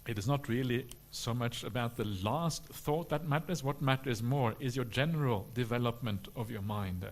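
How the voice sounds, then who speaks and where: Relaxed monk answering questions. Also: male voice, medium pitch, normal speed. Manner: relaxed and humorous, frequent "uh" fillers. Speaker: Buddhist monk teacher. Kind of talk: dharma talk question and answer.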